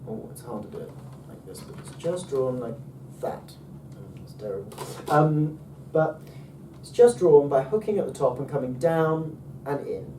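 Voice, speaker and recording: A man's voice: medium pitch, lively intonation, moderate pace, mellow. Patient male tutor, roomy distant sound. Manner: patient, hesitant, many ums and restarts. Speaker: Ancient Greek tutor. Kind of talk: relaxed one-to-one teaching. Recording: roomy, far from mic, faint noise.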